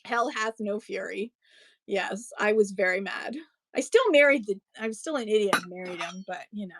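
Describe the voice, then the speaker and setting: A woman's voice: a little high, fairly bright tone, no room sound. A woman in her forties, a live-stream seller chatting casually and digressing as she shows her items. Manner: chatty, digressive, quick to laugh. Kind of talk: casual chat while selling.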